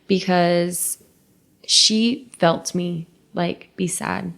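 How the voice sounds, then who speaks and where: A young woman co-hosting a podcast, telling a painful personal story in a halting, emotional way that drops to a hush at hard moments. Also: on the low side, steady tone, vocal fry. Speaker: podcast co-host.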